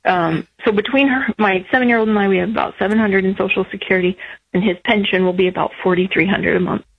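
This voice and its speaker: Woman radio caller, halting and emotional, husky voice over a muffled phone line. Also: mid-range voice, steady tone, no room sound. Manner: emotional, halting, many restarts.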